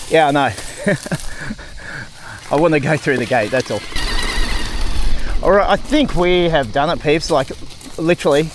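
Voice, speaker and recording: A man's voice: on the high side, measured pace, pauses often. Chatty Australian man riding the bush. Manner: chatty, talks to himself and viewers, frequent "mate" and exclamations. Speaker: cycling vlogger. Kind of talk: casual narration while riding. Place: rural bush trail, outdoors. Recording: outdoor noise from riding.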